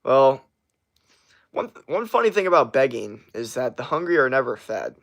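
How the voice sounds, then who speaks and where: A man's voice: medium pitch, very animated, moderate pace, vocal fry. A man hosting a casual livestream, answering chat with blunt, motivational advice and plenty of swearing.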